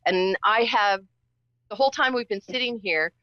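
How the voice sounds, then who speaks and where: A woman's voice: medium pitch, normal speed, dry recording, lo-fi sound. A woman hosting a call-in psychic show, talking in a chatty, teasing way with emphatic repetitions. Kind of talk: live call-in psychic reading.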